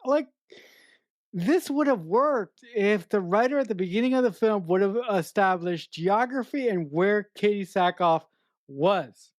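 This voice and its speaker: A woman's voice: mid-range voice, animated, measured pace, darkish tone, no room sound. Blunt, swearing woman reviewing a film. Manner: blunt, exasperated, heavy swearing. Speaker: podcast co-host. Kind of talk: casual film review chat.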